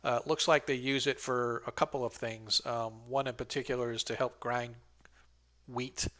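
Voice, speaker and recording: A man's voice: mid-range voice, steady tone, moderate pace, a bit bright. A man narrating a tabletop game as game master on a livestream, rambling and hesitant with many fillers.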